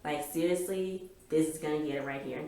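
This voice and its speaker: A woman giving a rambling, excitable casual recap of a TV episode, full of fillers. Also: low voice, fairly quick, roomy sound. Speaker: TV recap vlogger.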